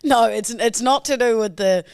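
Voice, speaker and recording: A woman's voice: a little high, moderate pace, darkish tone, smooth, dry recording, studio quality. A young woman co-hosting a podcast, telling a story in a loose, sweary chat full of laughter. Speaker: podcast co-host. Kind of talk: casual chat.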